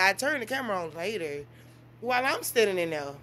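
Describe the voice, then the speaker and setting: Mom vlogger, woman, talks straight to camera in loose, animated storytelling. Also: a little fast. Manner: animated storytelling with big swings in pitch and volume. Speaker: mother and vlogger. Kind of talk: casual vlog chat.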